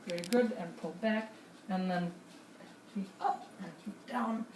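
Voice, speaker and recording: A woman examiner demonstrating a neurological check, giving calm step-by-step instructions and reassurance. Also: medium pitch, measured pace. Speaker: nurse examiner. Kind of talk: clinical demonstration. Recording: roomy, distant mic, faint hiss.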